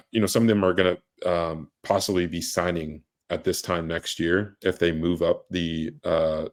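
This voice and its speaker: Young male co-host, low-pitched, casual and halting with lots of restarts. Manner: halting, many restarts and fillers. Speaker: recruiting reporter, podcast co-host. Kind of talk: casual podcast chat.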